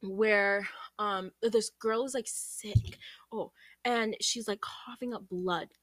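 A woman's voice: medium pitch, fairly even intonation, slow pace, noisy background. A young woman from the Midwest co-hosting a podcast, chatting casually, laughing often and drifting off on tangents. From American Midwest. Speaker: podcast co-host. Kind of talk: casual chat.

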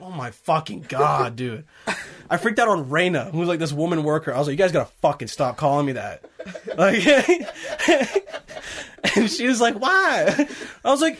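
A young man telling a rambling story in casual chat, swearing often and laughing through it. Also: high-pitched. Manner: profane, laughing, animated storytelling.

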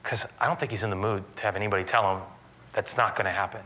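A man voicing a nervous royal messenger who gives quiet, confiding advice in a low, hushed voice. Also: fairly even intonation, fast talker.

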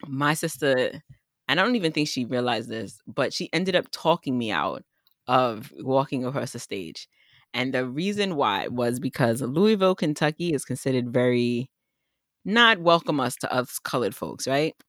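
A young woman from New tells stories in a loose, casual chat. She is animated and slips into the voices of the people she quotes. Her voice sounds close and dry. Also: rumbling low, moderate pace, dry recording. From New York.

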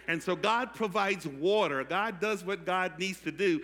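Bright high-voiced man preaching in a hall. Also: moderate pace, hardly any pauses. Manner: call-and-response with the congregation; builds from quiet teaching to loud preaching. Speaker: pastor. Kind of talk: sermon. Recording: echoey hall.

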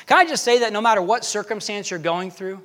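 High-voiced young male preacher. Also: fast talker, a bit bright. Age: young adult. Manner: impassioned, repeats phrases for emphasis. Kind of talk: sermon. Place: church.

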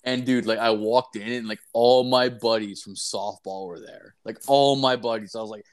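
A young man, drunk, rambling loudly and swearing constantly in casual podcast chat. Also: lowish voice, fairly even intonation, moderate pace. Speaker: podcast co-host.

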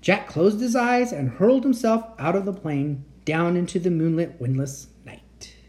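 A woman reading a children's chapter book aloud as a bedtime story, with lively storytelling. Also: normal speed. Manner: lively storytelling, raising pitch for shouted lines. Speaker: reader.

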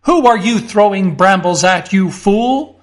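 Guy doing a blustery village cop, gruff and scornful, talks rough, pretty high voice. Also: lively intonation, measured pace. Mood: angry. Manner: blustering, scornful, common speech. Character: gruff belligerent village police constable, man.

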